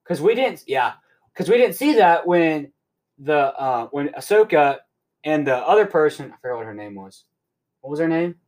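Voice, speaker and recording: A young man hosting a podcast, rambling excitedly through a casual recap and swearing often. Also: a little high, moderate pace. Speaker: podcast host.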